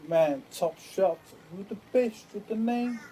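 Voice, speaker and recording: A woman's voice: mid-range voice, measured pace, mellow, slight background noise, poor audio. A woman talking in a rambling, repetitive monologue full of street slang and chant-like repeats.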